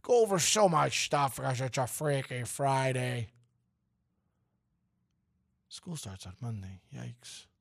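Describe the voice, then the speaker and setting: A man's voice: medium pitch, expressive, slow, creaky, long pauses. A man hosting a radio show, chatting casually, joking and rambling.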